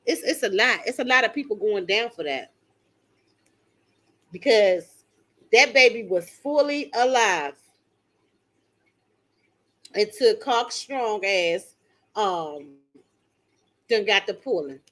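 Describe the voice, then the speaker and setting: A woman's voice: mid-range voice, lively intonation, slow pace, long pauses, fairly bright tone. An older woman hosting a casual live stream, talking emphatically and straight to her viewers as she reads and answers their comments. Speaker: channel host reading viewer comments.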